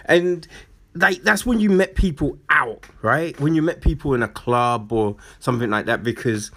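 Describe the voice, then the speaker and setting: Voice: medium pitch, vocal fry, a bit bright. A speaker ranting in blunt, profane commentary, heavy on slang and fillers, mocking excuses with acted-out quotes. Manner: incredulous, mocks with acted-out quotes.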